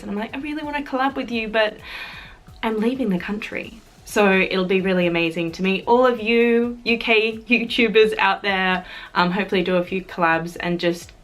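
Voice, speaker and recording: A woman's voice: lowish voice, fairly bright tone. A young Australian woman chatting casually to camera in a vlog, bubbly and chatty with fillers and giggles. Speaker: YouTuber.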